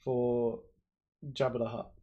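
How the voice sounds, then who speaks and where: A man's voice: medium pitch, monotone, slow pace, highs cut off. A man, co-hosting a podcast and explaining things at length in casual chat, with lots of fillers. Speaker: podcast co-host.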